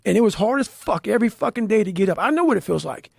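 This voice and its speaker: A man telling intense motivational stories as a podcast guest, swearing heavily and speaking with forceful emphasis. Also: sits high, lively intonation, quick pace, creaky, slightly rough, no room sound, studio quality. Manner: heavy profanity, forceful and emphatic.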